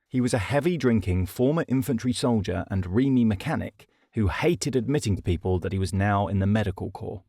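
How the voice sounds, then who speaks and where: Wry, self-deprecating British male narrator for a comedy audiobook; animated, dry studio sound. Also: on the low side, no echo. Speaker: narrator and author.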